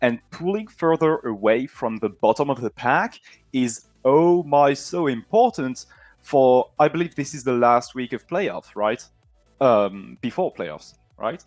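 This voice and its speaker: A man's voice: mid-range voice, sing-song, measured pace, no echo, faint music behind. French-accented male co-caster, dry studio sound. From France. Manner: talkative, analytical, self-correcting. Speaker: esports co-caster. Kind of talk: esports match commentary.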